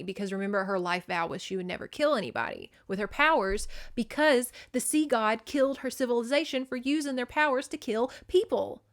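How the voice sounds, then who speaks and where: A woman's voice: fairly high pitch, animated, moderate pace, fairly bright tone. A woman hosting a podcast, casually recapping a novel in a chatty, profane way with lots of "like" fillers. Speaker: podcast host.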